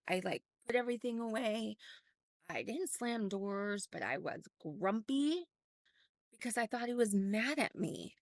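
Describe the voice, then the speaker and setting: A woman's voice: medium pitch, animated, normal speed, vocal fry, no echo. A middle-aged woman from Oregon, candidly telling a personal story in a rambling vlog with many restarts. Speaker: vlogger.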